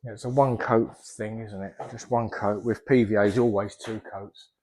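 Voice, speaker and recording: A man's voice: fairly low pitch, fairly even intonation, moderate pace, a little mellow. A middle-aged man, a plasterer chatting casually in a vlog as he works and rambling off topic. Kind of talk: casual vlog talk while working.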